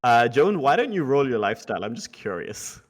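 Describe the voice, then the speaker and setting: A man running a tabletop game with an easygoing, chatty delivery. His voice sits at an ordinary middle pitch, and he breaks into laughter often. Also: brisk. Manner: relaxed, chatty, laughs easily. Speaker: game master.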